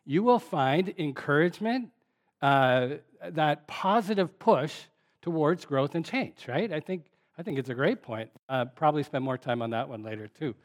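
A man's voice: a little high, expressive, moderate pace. A male pastor giving an interactive sermon, repeating the congregation's answers and talking conversationally with frequent fillers. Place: church sanctuary.

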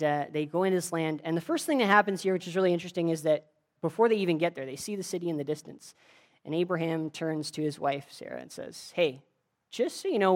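A woman preaching a sermon in a relaxed, conversational way, retelling a story with frequent restarts. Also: fairly low pitch. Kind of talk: casual sermon.

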